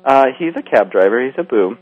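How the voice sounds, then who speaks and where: A man's voice: medium pitch, expressive, a little fast, breathy edge, dry recording. Playful man on lo-fi radio. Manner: playful, laughs often, breaks into character voices. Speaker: author and audiobook narrator guest. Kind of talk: casual interview chat.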